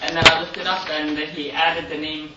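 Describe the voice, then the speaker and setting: A man's voice: a little high, little pitch movement, moderate pace, heavy background noise. A man who is a student in a Torah class, speaking hesitantly and searching for his words. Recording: distant, roomy, muffled, with people around.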